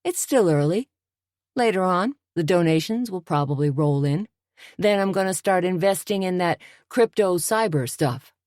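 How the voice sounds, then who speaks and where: A woman puts on a scruffy, dim-witted schemer with a folksy, slangy drawl, pitched up above her own voice. He sounds lively and sure of himself. The audiobook recording is dry and close. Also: normal speed, dry recording, natural voice. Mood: boastful.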